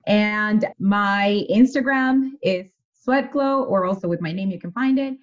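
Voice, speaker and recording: A woman's voice: mid-range voice, a little slow, lo-fi sound, faint music behind. A woman guest on a podcast, a health and nutrition coach, talking candidly and emphatically, swearing now and then and laughing easily. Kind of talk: casual interview chat.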